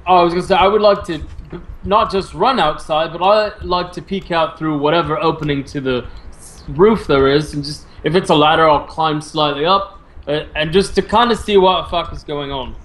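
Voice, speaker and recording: A man's voice: a little high, moderate pace, a bit bright. Laid-back, cursing man at a game table. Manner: laid-back, swears casually. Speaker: player. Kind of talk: casual chat at a game table.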